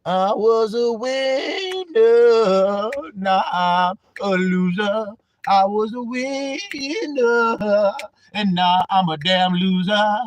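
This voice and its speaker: A man voicing a drunk man slowly crooning a sad song, each word dragged out. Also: sits high, voice pushed up. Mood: mournful, drunken. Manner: slow, dragged-out mock singing.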